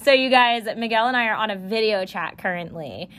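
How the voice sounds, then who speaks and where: A young woman with a Philadelphia accent hosting a casual podcast, sassy, swearing and animated, recorded on a phone next to her computer. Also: mid-range voice, a little fast. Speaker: podcast host. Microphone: phone beside computer.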